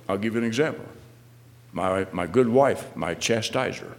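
A male minister preaching a sermon, swinging from loud, pressing questions to quiet asides and often repeating his words. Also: lowish voice, sing-song, moderate pace, vocal fry, long reverb tail.

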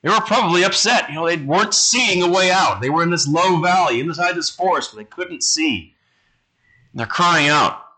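A man preaching a sermon, reading scripture aloud slowly and low, then explaining it in a conversational way. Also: lively intonation, pushed and bright, poor audio.

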